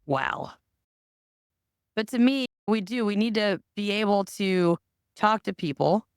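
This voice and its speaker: A woman's voice: medium pitch, normal speed, clear, resonant tone, no room sound, studio quality. Blunt, candid woman podcast host. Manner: blunt, candid, swears freely. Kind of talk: casual chat.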